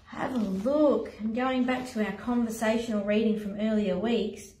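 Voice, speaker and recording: A woman leading an online playgroup. She reads a picture book aloud and adds gentle explanations for parents. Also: on the high side, moderate pace, slight background noise. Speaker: early-years playgroup leader. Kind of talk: reading a picture book aloud to young children. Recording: roomy echo, voice from a distance.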